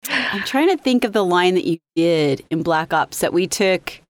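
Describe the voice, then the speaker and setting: A woman's voice: lowish voice, lively intonation, moderate pace, no room sound. A woman hosting a voiceover podcast, chatting with a guest and reacting with enthusiasm. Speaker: podcast host. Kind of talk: casual interview chat.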